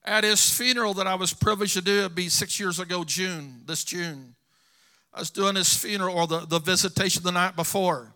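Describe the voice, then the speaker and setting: A man's voice: high voice, a little fast, bright, forceful tone. A middle-aged man preaching a sermon, telling personal stories earnestly to his congregation. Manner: storytelling, earnest, addresses congregation.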